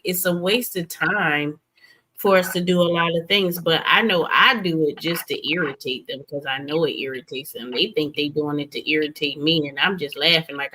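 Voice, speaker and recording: Bright-voiced woman chatting animatedly. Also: on the low side, slight background noise. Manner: animated, emphatic storytelling. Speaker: streamer host. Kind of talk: casual chat. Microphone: streaming setup.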